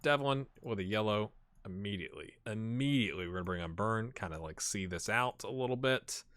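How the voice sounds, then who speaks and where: A man with a lowish but very bright, forceful voice, commentating on a football management game for his channel. He chats casually and slangily to the players on screen. He swings between loud excited cheering and muttered asides. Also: fairly quick. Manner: excitable, talks to players in the game, loud outbursts when goals come; slangy and joking, trails off into mumbles. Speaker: gaming channel host. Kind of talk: let's-play game commentary.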